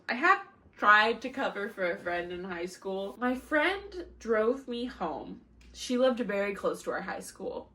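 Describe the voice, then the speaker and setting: A woman's voice: medium pitch, pushed and bright. A drunk young woman from the United States chatting casually in a vlog, rambling, swearing and laughing at herself. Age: young adult. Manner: rambling, laughing, crude and self-mocking. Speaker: vlogger.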